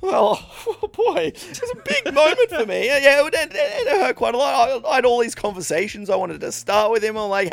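A man's voice: extremely high pitch, brisk, creaky, no echo. A man co-hosting a casual podcast chat, telling a rambling story, swearing freely and acting out what people said. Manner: animated, swears freely, acts out quotes in character. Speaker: podcast co-host.

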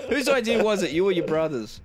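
Man, podcast co-host, casual chat, fairly high voice, teasing questions, dry jokes. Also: very animated, fast talker, over music.

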